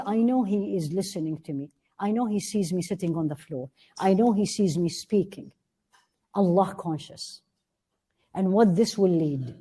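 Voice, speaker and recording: Woman giving a religious class, mellow voice, earnest, asks the room questions. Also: medium pitch. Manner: recites Arabic verses quickly. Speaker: religious teacher.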